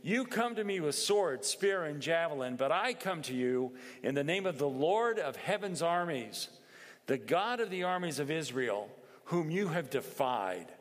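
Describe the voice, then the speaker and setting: A man's voice: on the high side, big pitch swings, a little slow. A man voicing a bold young shepherd, defiant and fervent, proclaiming in a rising, emphatic way. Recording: long reverb in a hall.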